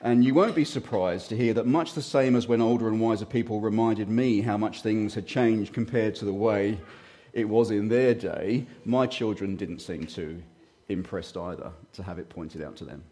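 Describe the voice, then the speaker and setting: Hoarse, hesitant man in his fifties preaching. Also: on the low side, moderate pace, dark tone. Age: 50s. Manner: conversational, hesitant with many fillers, self-deprecating. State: slightly hoarse, frog in throat. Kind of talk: sermon.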